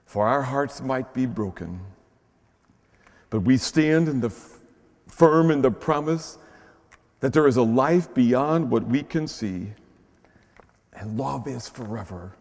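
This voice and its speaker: Man, pastor, slow, earnest sermon delivery in a reverberant church. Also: mid-range voice, animated. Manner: earnest preaching with slow pauses and swelling emphasis; gentle, playful talk to children. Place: large church shrine. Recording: long echo of a large church.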